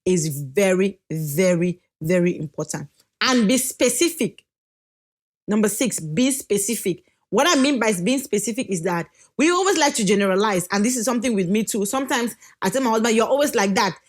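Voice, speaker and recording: A naturally loud woman with a medium-pitched voice gives casual marriage advice to the camera. She's a wife and co-hosts the channel, staying animated, laughing often, and slowly drawing out her key points.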